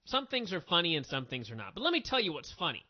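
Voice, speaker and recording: A man hosting a wrestling review podcast, talking in an opinionated, animated way with quick asides. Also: on the high side. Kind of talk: casual review chat. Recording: dull lo-fi audio.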